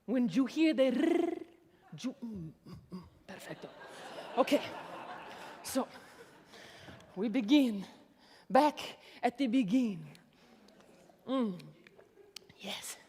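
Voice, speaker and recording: A woman's voice: a little high, animated, takes it slowly, long pauses, mellow, husky, in a large hall. A woman on stage with a mock Spanish accent, theatrically coaxing an audience volunteer and sprinkling in Spanish words. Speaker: comedian directing an audience volunteer. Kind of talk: live comedy stage act.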